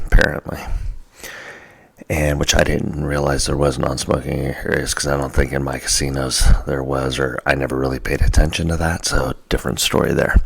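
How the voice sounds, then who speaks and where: Man, very low voice, slow delivery, casual anecdote, plays the voices of people in the story. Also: gravelly, breathy edge. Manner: animated, jokey, acts out quoted people. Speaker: podcast host.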